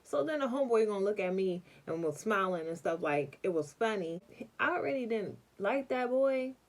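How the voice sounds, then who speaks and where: Young woman, vlogger, casual storytime, animated delivery, slangy, mid-range voice. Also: mid-range voice, normal speed.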